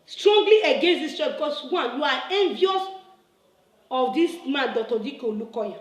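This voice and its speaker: A woman's voice: high-pitched, lively intonation, normal speed, reverberant, rough recording. A woman, delivering an impassioned, scolding video reply that repeats its points and builds to emphatic bursts. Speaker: church member making a video reply. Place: her room, indoors.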